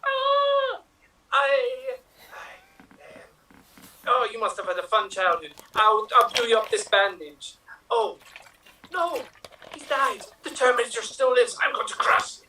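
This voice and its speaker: Man doing a shrieking movie heroine, lively swooping pitch, bright tone, distant mic. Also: takes it slowly, pauses often, a little hiss or hum, heavily acted. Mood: panicked wailing. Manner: wailing and squealing, then flat robotic menace. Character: panicky movie heroine who is secretly a killer robot.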